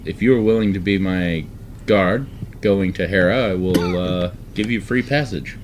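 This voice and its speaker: A man's voice: low voice, moderate pace, noisy background, close to an everyday voice. A man voicing a courteous male merchant in a tabletop game, speaking formally. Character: polite middle-aged male merchant. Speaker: cart owner and stockman.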